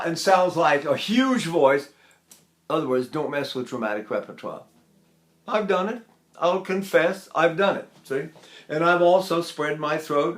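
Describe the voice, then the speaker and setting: His voice is a little high and his pace moderate. The older lecturer walks through vocal technique in an energetic, show-don't-tell style, punctuating points with sung examples.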